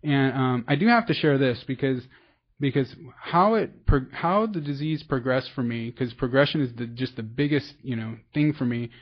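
With the highs cut off, the recording carries a medium-pitched man speaking at a moderate pace. He's from the San Francisco Bay Area and tells his recovery story to a meeting in a rambling, self-mocking way, frequently starting over.

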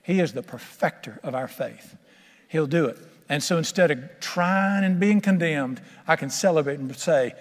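A man's voice: fairly high pitch, moderate pace, in a large hall. A man preaching a sermon to a congregation in a church, folksy, humorous and conversational. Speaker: pastor.

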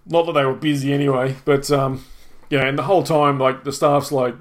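A man's voice: mid-range voice, level tone, brisk. A middle-aged man, co-hosting a podcast and telling a long, exasperated, swear-filled complaint in a casual way. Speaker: podcast co-host. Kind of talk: casual ranting storytelling.

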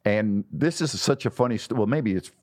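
A man's voice: lowish voice, normal speed. A middle-aged man, a sports broadcaster, telling stories from his career in a podcast interview, acting out the people he quotes. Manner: animated storyteller, acts out quotes.

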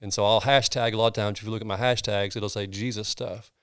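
A man's voice: fairly low pitch, fairly even intonation, fast talker, clean tone, no echo, studio quality. A middle-aged man from North Georgia with a Southern accent, an earnest pastor telling his story in a casual interview with folksy sayings. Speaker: pastor, guest.

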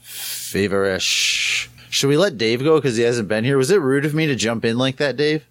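A man's voice: mid-range voice, moderate pace, fairly bright tone. A man co-hosting a casual fantasy football podcast, eager and full of fillers. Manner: enthusiastic, filler-heavy. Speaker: podcast co-host.

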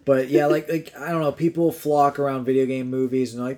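A man's voice: medium pitch, fast talker, darkish tone. A young man co-hosting a movie podcast, rambling casually, swearing and saying "dude" often. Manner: rambling, says "dude" a lot, profane. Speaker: podcast co-host. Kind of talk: casual movie-review chat.

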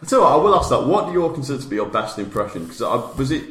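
A man hosting a casual podcast, playfully teasing and questioning the others at the table. His voice is middle-pitched and relaxed. The echo of the room hangs around every line. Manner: teasing, quick to pose challenges and questions. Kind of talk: casual chat.

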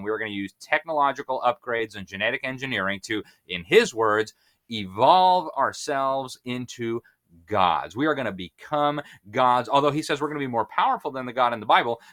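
Fervent man with a bright voice. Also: medium pitch. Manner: fervent, preacher-like emphasis. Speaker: guest. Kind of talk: impassioned interview commentary.

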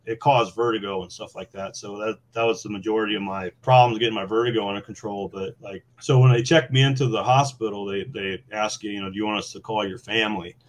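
A man with a somewhat low voice tells war stories in a loose, conversational podcast style. He talks with a lot of "you know" and "uh" fillers. He gets animated and laughs at the absurd moments. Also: fast, hardly any pauses. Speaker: podcast guest, former Marine. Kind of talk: casual storytelling.

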